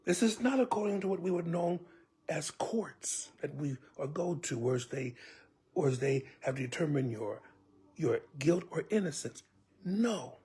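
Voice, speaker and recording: Preaching a sermon as a church elder, this man tells it vividly and often drops to a hushed whisper with pleading asides. His voice is fairly high and husky, animated, and a little slow.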